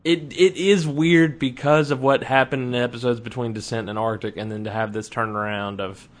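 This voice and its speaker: A man's voice: mid-range voice, steady tone, moderate pace. A man co-hosts a casual fan podcast, talking loosely and thinking aloud. He rambles and restarts his sentences as he goes. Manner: chatty, rambling with restarts and hedges. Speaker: podcast co-host.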